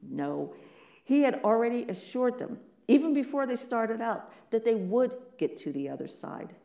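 Preacher, warm and mellow tone, casual sermon delivery with lots of rhetorical questions; roomy, echoing sound. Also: medium pitch, very animated, moderate pace, vocal fry. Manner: conversational, many rhetorical questions, playful asides. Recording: echoey room.

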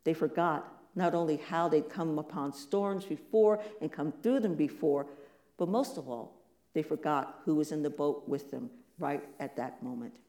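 Preacher, warm and mellow tone, casual sermon delivery with lots of rhetorical questions; roomy, echoing sound. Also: medium pitch. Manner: conversational, many rhetorical questions, playful asides. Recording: echoey room.

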